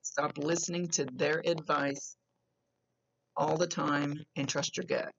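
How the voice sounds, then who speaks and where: Woman medium chatting through a reading, gravelly fry, kinda muffled lo-fi sound. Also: low-pitched, level tone, slow pace, a bit bright, a little hiss or hum. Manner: chatty, rambling, stops and restarts. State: coughing, smoker's cough. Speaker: psychic medium. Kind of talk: casual spoken reading to a client. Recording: dull lo-fi recording.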